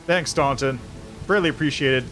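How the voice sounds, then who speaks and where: A man's voice: mid-range voice, moderate pace, fairly bright tone, soft background music. A man streaming a role-playing video game, chatting casually and rambling, poking fun at himself and swearing now and then. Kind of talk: casual gameplay commentary.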